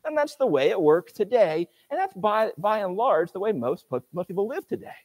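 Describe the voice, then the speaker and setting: A man's voice: high-pitched, expressive, normal speed, a little mellow. A man preaching a conversational sermon, full of rhetorical questions and offhand asides. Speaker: pastor.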